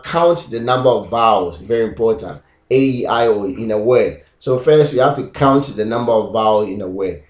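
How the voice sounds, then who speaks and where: A man teaching pronunciation, repeating example words slowly and syllable by syllable. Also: mid-range voice. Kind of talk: classroom-style lesson. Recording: echoey room.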